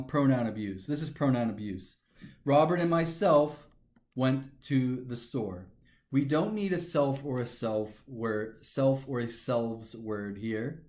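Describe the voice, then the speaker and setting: A man's voice: mid-range voice, darkish tone. A man teaching a grammar lesson, methodically talking through each step aloud. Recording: echoey room.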